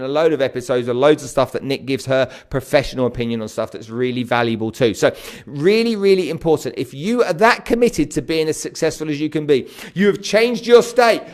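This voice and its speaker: An energetic man, hosting a live stream to viewers and often checking in with "okay?". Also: a little high, clear, resonant tone. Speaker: host.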